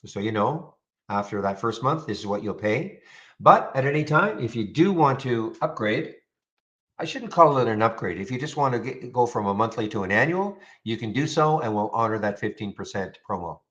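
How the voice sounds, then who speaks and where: A man's voice: medium pitch, animated, moderate pace, a bit bright. A man hosting a live day-trading room, chatting casually and thinking aloud, often restarting his sentences. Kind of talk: casual live-stream commentary. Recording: slightly dull lo-fi sound.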